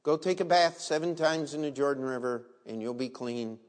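A man's voice: medium pitch, flat delivery, normal speed, natural voice. A man acting out a humble male servant of a prophet, giving plain, brief replies. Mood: matter-of-fact. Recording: long reverb in a large hall.

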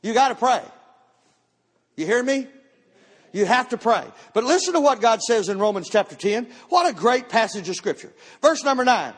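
High-voiced preacher in a hall. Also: male voice, lively intonation, fairly quick. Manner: storytelling, emphatic, repeats words. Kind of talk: sermon. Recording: long church hall reverb.

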